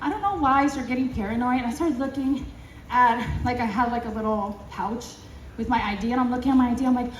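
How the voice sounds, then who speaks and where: A woman vlogger casually telling an animated story to camera, acting out dialogue and laughing often. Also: a little high, fast, recorded from a distance, slight background noise. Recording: roomy echo, away from the mic.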